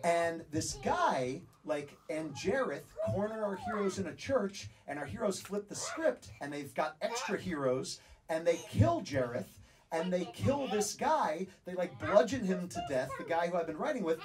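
Guy doing a lively stage story, kinda highish voice, mic far off, audience all around. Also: unhurried, a crowd in the background. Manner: animated, acts out both sides of a conversation. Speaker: speaker telling a story on stage. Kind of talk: storytelling talk to a live audience. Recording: stage talk from afar with audience.

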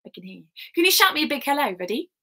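Woman, children's storyteller, animated and coaxing, bright tone, high pitch. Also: very fast. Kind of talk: interactive children's story time. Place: at home.

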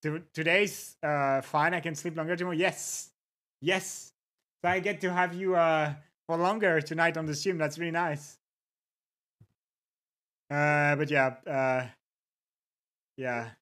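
A livestreamer chats at a relaxed, drawn-out pace over a desk microphone. Viewer names get a quick hello between musings, and funny words get repeated just to savor them. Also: medium pitch. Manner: reads chat aloud and greets viewers between musings. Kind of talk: casual livestream chat.

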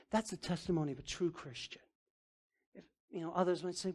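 A man's voice: a little fast, husky. Emphatic male pastor preaching. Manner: emphatic, rising to near-shouting then dropping low; casual asides with "man" and "right". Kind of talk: sermon.

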